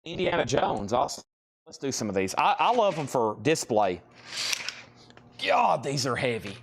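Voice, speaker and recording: A man's voice: medium pitch, very animated, moderate pace, a bit bright. Man, mid-range voice, live-stream auction host; joking patter, rattles off prices and bids, a bit winded. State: out of breath.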